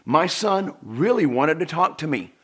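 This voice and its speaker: A middle-aged man delivers a personal development talk straight to the viewer. He is emphatic and earnest, repeats words to drive points home, and his voice swings widely between loud peaks and quiet drops. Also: on the high side, big pitch swings, unhurried, breathy edge. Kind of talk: direct-to-camera self-help talk.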